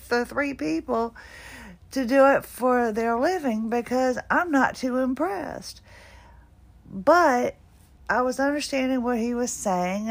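A middle-aged woman talking casually about her day, tired and a bit drowsy, rambling with little self-deprecating laughs. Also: on the high side. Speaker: podcast host. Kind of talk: casual personal monologue.

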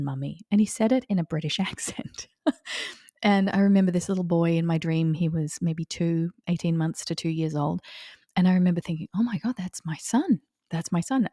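Woman, 40s, from Australia, podcast host; low, warm, unhurried delivery, dry close-mic recording. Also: dry recording. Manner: unhurried, often laughing as she talks. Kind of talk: reflective spiritual podcast talk.

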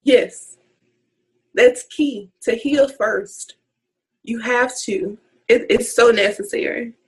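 Casting: woman podcast co-host, a bit high, husky tone, excitable. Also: slow pace, rough recording. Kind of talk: casual faith talk.

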